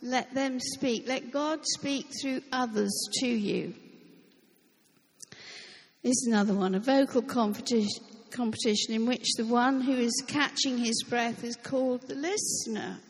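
A woman preacher delivers a sermon in a high voice, leaning on her words slowly and emphatically. She drops in light joking asides between points. Her voice carries a long reverb, as if in a big hall. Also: steady tone, slight background noise.

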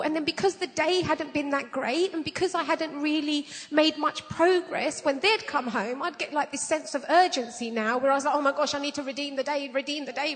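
A woman's voice: high-pitched, fairly bright tone, big-room sound. A woman telling a personal faith testimony in an earnest way, at times tearful and at times laughing at herself. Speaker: artist sharing a faith testimony.

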